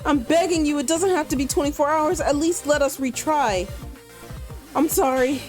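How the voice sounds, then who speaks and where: A woman's voice: sits high, normal speed, a little mellow, soft background music, natural voice. A woman reading the lines of a distraught young heroine begging for lives in a game. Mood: pleading. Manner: pleading, distraught.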